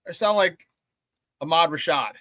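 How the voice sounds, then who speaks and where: A man hosting a casual morning sports radio show, talking with energetic, slangy hype. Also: a little high, dry recording, clean studio sound.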